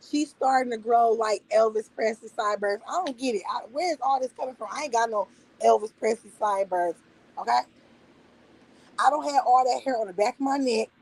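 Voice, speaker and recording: A woman in her thirties streaming, telling casual stories in a profane, laughing, animated way. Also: a little high, poor audio. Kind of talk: casual storytelling monologue. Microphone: streaming mic.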